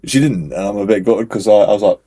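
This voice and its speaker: Young male podcast co-host, husky low voice, animated and rambling. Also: fast. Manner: animated storytelling, lots of fillers. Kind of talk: casual chat.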